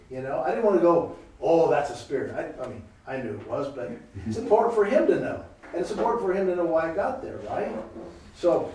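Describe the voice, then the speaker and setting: A man's voice: on the high side, fairly quick, slight background noise. Man preaching from far off in an echoey hall. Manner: animated, acts out voices in anecdotes. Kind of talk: storytelling talk on prayer.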